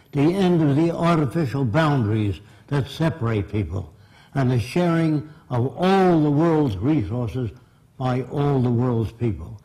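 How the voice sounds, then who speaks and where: A man's voice: medium pitch, mellow, poor audio. A man giving a public lecture in a blunt, emphatic and direct way.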